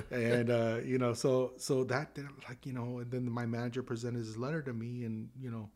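A man's voice: mid-range voice, moderate pace. A man in his fifties from Southern California, a guest telling stories casually and acting out the dialogue. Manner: animated, acts out dialogue in changing voices. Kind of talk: casual storytelling.

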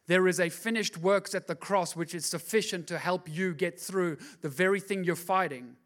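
A man preaching a sermon as a pastor, swinging from hushed asides to loud, driving repetition. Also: high voice, moderate pace, few pauses. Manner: repeats words for emphasis.

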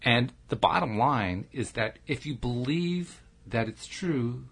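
A man's voice: medium pitch, lively intonation, takes it slowly, fairly bright tone, slightly rough. A middle-aged man co-hosting a podcast, chatty and telling stories with frequent laughs. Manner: chatty, storytelling, laughs often. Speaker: podcast co-host. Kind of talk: casual podcast chat.

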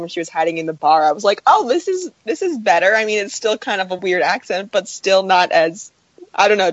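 A woman with a lowish voice co-hosts a casual podcast in a relaxed, easygoing manner. The sound is dry and close, with dull lo-fi quality. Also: no echo. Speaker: podcast co-host.

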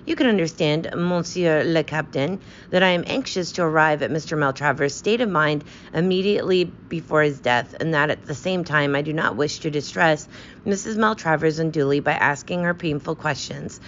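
Lady reading a fussy polite foreign detective guy, calm careful questions, low voice. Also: lo-fi sound, a little hiss or hum. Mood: coaxing. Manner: courteous, measured questioning with French phrases. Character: precise, polite foreign male detective, middle-aged.

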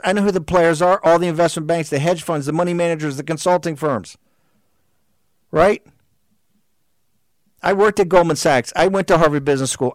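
A man speaks in a raised, combative voice, hammering the same questions again and again. His pitch sits a bit high for a man. The sound is close and dry, with no room around it. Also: no echo. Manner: shouting, combative, repetitive rhetorical questions. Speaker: show host. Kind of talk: heated political monologue.

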